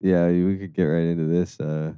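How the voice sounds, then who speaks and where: A man's voice: low voice, little pitch movement, a little fast, clean tone, dry recording, dull audio. A man co-hosting a comedy podcast, hesitant and filler-heavy, giggling between remarks. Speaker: podcast co-host. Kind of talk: casual comedic chat.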